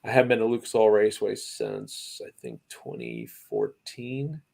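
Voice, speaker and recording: A guest from a racing series tells a long restaurant anecdote in casual chat, rambling and animatedly acting out the quotes. His voice is fairly low and gravelly, and he talks at a moderate pace.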